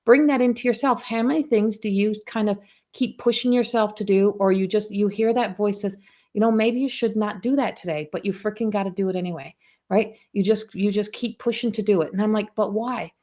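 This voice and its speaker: A woman's voice: mid-range voice, steady tone, brisk, mellow. Woman spiritual coach, rambling and chatty. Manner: rambling, storytelling, frequent restarts. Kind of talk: casual live-stream talk.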